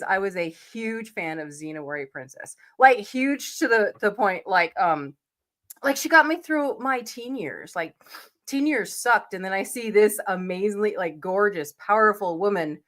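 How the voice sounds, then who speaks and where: Co-host, woman in her forties, hoarse and sick, casual and profane, mid-pitched voice. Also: a bit bright. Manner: chatty, swears freely, laughs often. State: sick, losing her voice, coughing. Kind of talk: casual reaction-show chat.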